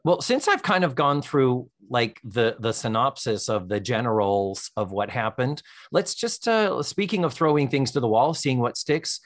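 A man hosting a loose, jokey chat, his voice at an ordinary pitch and dry, with no room around it. He talks in quick bursts and slips into little character voices. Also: animated, no room sound. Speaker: podcast host. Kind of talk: casual chat.

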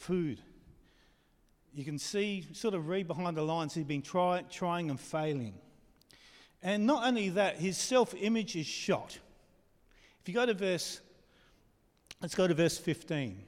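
Pastor preaching in an echoey hall. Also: male voice, a little high. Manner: conversational, asks the congregation questions. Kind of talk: sermon.

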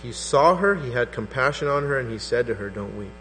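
Lively man preaching in a big hall. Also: mid-range voice, a little fast. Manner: animated, acts out skeptical voices. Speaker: pastor. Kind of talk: sermon. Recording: hall reverb with faint mains hum.

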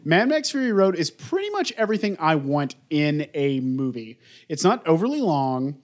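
A man's voice: fairly high pitch, sing-song, moderate pace. A man chatting casually about films, rambling with many filler words. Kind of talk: casual film discussion.

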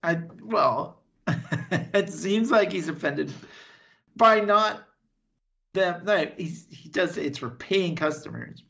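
A man co-hosting a podcast, retelling a TV episode in casual chat and slipping into quick voices for the characters. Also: high voice, gravelly, highs cut off. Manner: animated retelling with quick impressions and laughs. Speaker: podcast co-host.

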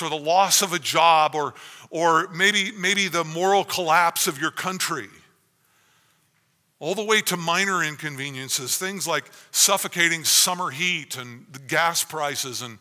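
A man's voice: fairly high pitch, pushed and bright, long reverb tail. A man preaching a sermon as pastor, earnest, with frequent restarts.

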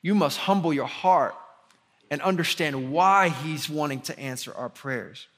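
A young man from the preaching a conversational sermon as pastor, rising in pitch and volume when he drives a point home. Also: measured pace, a bit bright. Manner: conversational preaching with sudden emphatic rises.

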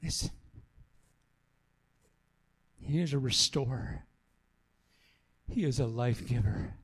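A man's voice: medium pitch, slow, slightly rough. A man pastor giving an earnest sermon, repeating phrases for emphasis as he tells a story and then exhorts the congregation.

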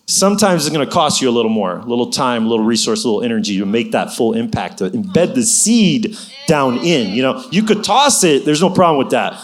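Very animated and a little fast, a middle-aged man with a mid-range voice relates a personal story of faith. The style is conversational preaching, full of exhortation and "you know" asides.

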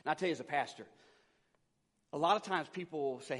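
A middle-aged man preaches as a pastor with a slightly raised, bright pitch, talking conversationally and swinging from loud emphasis to soft asides. His voice rings out with a long reverb tail, as in a large hall. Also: lively intonation, fast talker, pauses often. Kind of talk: sermon.

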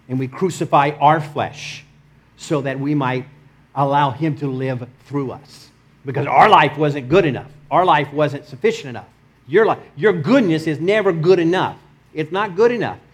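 Texan pastor guy preaching, kinda high voice, gets loud then goes soft, chuckles a lot. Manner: animated, swings between loud emphasis and soft asides, chuckles often. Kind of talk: sermon.

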